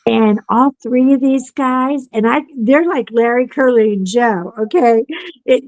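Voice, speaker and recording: Slow-talking, animated woman storyteller. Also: on the high side, no room sound, low-quality recording. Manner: animated storyteller who acts out quotes. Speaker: podcast host. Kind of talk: casual chat, storytelling.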